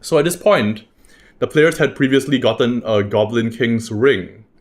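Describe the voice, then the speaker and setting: A man's voice: mid-range voice, a little slow. A man recapping a tabletop game session in a loose, rambling way, swearing freely. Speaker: game master recapping a campaign. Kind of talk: casual spoken recap.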